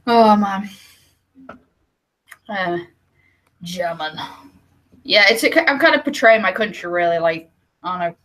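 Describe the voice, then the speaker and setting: A woman's voice: mid-range voice, lively intonation, a little slow, pauses often, fairly bright tone. A woman with a Scouse accent, a guest on a casual livestream, joking and hesitant. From Liverpool, England. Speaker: stream guest.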